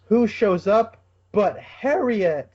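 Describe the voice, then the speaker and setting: A man's voice: sits high, expressive, takes it slowly, darkish tone, highs cut off. A man co-hosting a podcast, talking casually and wryly about a TV episode. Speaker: podcast co-host. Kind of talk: casual TV discussion.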